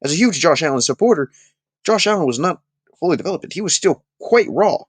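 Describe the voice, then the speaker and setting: A man hosting a casual live sports talk stream, chatting with his viewers and making animated, emphatic points. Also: a little high, brisk, husky, no echo.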